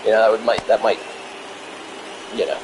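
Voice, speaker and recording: A man's voice: fairly low pitch, moderate pace. A man streaming a video game, chatting casually in a rambling, profane, jokey way. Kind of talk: casual live-stream chat. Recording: stream mic with steady noise.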